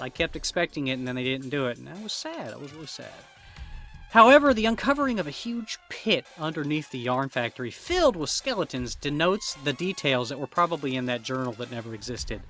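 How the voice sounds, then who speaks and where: Male movie reviewer, bright voice, jokey and loose, light music bed. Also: a little high. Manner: wry, jokey, rambling with repeated words. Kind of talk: casual scripted review narration.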